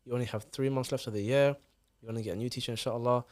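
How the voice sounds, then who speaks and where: A man, a father chatting as a podcast guest and telling parenting stories in an animated way. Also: mid-range voice. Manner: fast, animated storytelling. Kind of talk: casual podcast chat.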